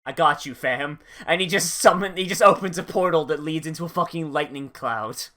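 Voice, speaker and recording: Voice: mid-range voice, fairly even intonation, brisk, a bit bright. A YouTuber giving casual, sarcastic commentary while watching an anime, swearing often and trailing off mid-sentence.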